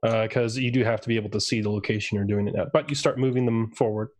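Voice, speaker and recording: A man's voice: fairly low pitch, fairly even intonation, fast, darkish tone. A man narrating as game master of a tabletop game livestream, casual and rambling, with frequent ums.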